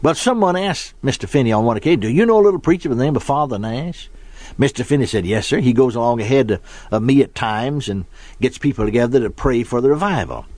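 A man's voice: medium pitch, darkish tone, no room sound. A middle-aged man preaching a sermon as a pastor, telling homely stories in a folksy way. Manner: folksy storytelling preacher, acts out quoted voices.

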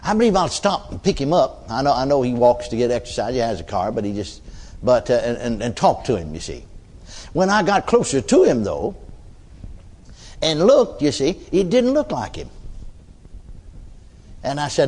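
A man's voice: mid-range voice, very animated, normal speed, darkish tone. A man preaching a storytelling sermon in a folksy, chatty way, with chuckling asides and frequent "you see" tags. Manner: many restarts and filler tags like "you see".

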